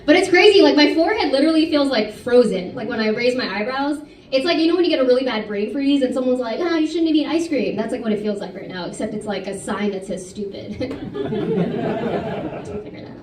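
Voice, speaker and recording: High-voiced woman comedian on stage. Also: fast, a little hiss or hum. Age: 30s. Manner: animated, self-mocking, chatty with the crowd. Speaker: stand-up comedian. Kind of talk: stand-up comedy set. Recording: roomy club sound from a distance. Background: audience laughter.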